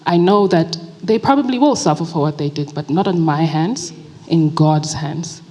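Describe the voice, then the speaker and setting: Earnest, reflective woman author, lowish voice, reverberant hall. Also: normal speed, warm tone, a little hiss or hum. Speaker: author and guest speaker. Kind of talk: answering an audience question at a book talk. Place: large event hall at a book fair.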